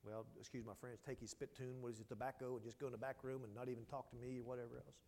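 A male pastor preaching a sermon, telling a story with passion and dropping from loud to hushed. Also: mid-range voice, slight background noise. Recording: long hall reverb.

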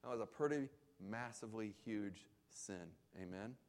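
A man's voice: lowish voice, normal speed. A man preaching a sermon as pastor, emphatic and repeating key phrases for weight.

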